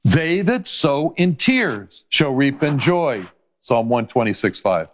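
A man's voice: very animated, takes it slowly. Impassioned man preaching a sermon. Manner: emphatic, rising to high passionate pleas and repeating scripture references; quotes old-style scripture wording aloud.

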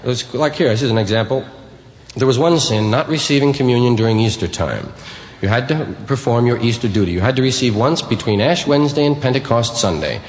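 A man doing stand-up, recalling his school days in a measured, wry, explaining way. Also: mid-range voice, lively intonation. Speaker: comedian. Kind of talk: stand-up storytelling. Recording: echoey hall with long reverb.

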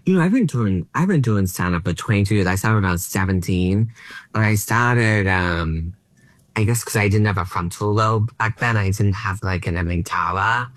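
A comedian from Australia in his late thirties talks in a low voice that sounds close and dry. He rambles playfully, filling his sentences with likes and ums. His delivery is loose and chatty. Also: normal speed, a bit bright, no room sound. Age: late 30s. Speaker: stand-up comedian guest. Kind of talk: casual interview chat.

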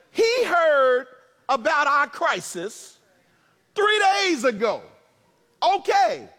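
Resentful grieving sister, put on by a male preacher: high, bright, complaining, in a reverberant hall. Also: heavily acted. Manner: aggrieved, complaining preaching cadence.

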